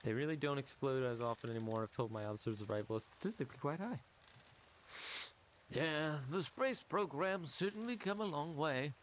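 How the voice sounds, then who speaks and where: A man's voice: on the high side, a little fast, slight background noise, close to an everyday voice. A man doing a wry alien official.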